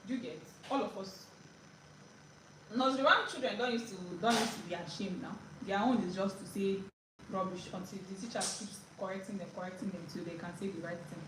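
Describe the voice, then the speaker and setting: A woman's voice: mid-range voice, a little fast. Woman teaching from far off. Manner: patient, repeats points, checks in with "right?". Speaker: Korean language teacher. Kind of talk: live beginner lesson. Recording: echoey room, distant mic, background noise.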